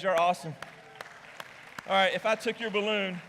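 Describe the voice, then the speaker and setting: Bright-voiced pastor in a reverberant church hall. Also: male voice, high-pitched, steady tone, moderate pace, vocal fry, a faint crowd, slight background noise. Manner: playful and joking with volunteers, then candid and confessional. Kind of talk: sermon with audience games. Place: church auditorium. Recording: long reverb of a large hall.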